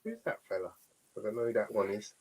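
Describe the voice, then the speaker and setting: A man's voice: fairly low pitch, sing-song, fast, a little mellow, husky. A man co-hosting a live football watchalong, chatting casually and thinking aloud in long, rambling remarks. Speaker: watchalong co-host.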